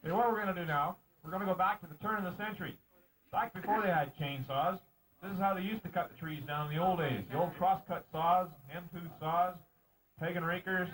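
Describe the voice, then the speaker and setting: A man's high, slightly bright voice moves fairly quickly as he emcees a lumberjack show at an outdoor arena on a mountain. Playful and teasing, he banters with contestants while calling out the races; the recording is distant outdoor home-video sound.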